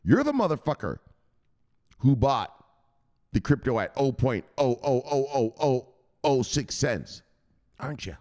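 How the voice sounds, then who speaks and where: A man hosting his own channel, ranting in hyped, profane vlog commentary and punctuating points with shouted exclamations. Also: mid-range voice, sing-song, measured pace, pauses often. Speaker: crypto channel host.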